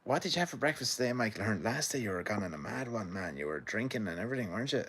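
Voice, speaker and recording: A man's voice: on the low side, very animated, racing, fairly bright tone, breathy edge. An Irish man hosting a livestream, chatting casually with viewers, rambling, swearing and laughing as he reads their comments. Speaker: livestream host.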